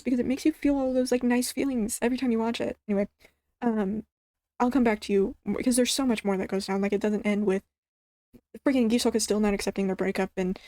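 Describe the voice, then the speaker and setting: A woman recapping a drama in a casual, excitable rant, rambling with lots of fillers and restarts. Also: mid-range voice, no echo. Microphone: studio mic.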